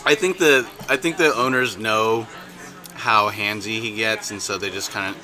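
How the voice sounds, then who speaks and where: A man's voice: lowish voice, moderate pace, pushed and bright. A man co-hosting a casual podcast chat, telling a long story with many restarts and bursts of laughter. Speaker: podcast co-host.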